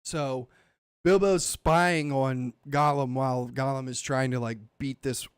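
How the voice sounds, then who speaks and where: A man hosting a casual podcast chat, animated and swearing, acting out movie lines as he goes. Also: medium pitch, a little slow, smooth, no echo. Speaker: podcast host.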